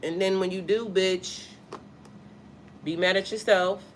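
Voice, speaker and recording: A woman's voice: mid-range voice, steady tone, a little slow, slight background noise. A woman who is a spiritual life coach talks bluntly and with lots of swearing in a casual live stream, stopping to read out comments from viewers. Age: adult with a child. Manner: blunt, profane, emphatic.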